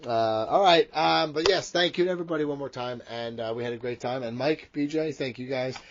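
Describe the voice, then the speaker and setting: A man co-hosting a wrestling podcast in casual, rambling, profane chat that gets excitable. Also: medium pitch, a little fast, lo-fi sound, a little hiss or hum. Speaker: podcast co-host.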